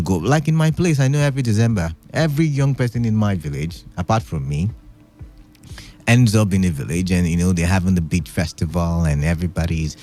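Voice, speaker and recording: A man's voice: low voice, dark tone. Man, radio host, studio mic, rambling, joking, faint music behind. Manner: chatty, playful, rambling with many fillers. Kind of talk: casual radio talk. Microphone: studio microphone.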